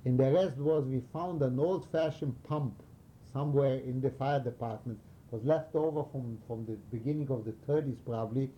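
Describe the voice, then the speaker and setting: Older man from Romania for an oral history interview: dark mellow voice, searches for words as he tells his stories. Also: mid-range voice, lo-fi sound, a little hiss or hum. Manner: halting, searching for words, animated storytelling. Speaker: interviewee recalling wartime past.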